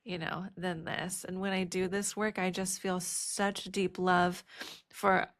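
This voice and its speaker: A woman's voice: on the low side, little pitch movement, slow pace, fairly bright tone. A woman in her thirties hosting a podcast about birth, talking earnestly in casual chat, full of "like" and "you know". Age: 30s. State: teary, emotional. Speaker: podcast host, birth educator.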